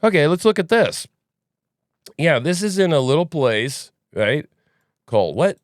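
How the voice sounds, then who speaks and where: A man's voice: on the high side, very animated, unhurried, no room sound, studio quality. A man hosting a news commentary podcast, talking casually in a rambling, sarcastic way. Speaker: podcast host.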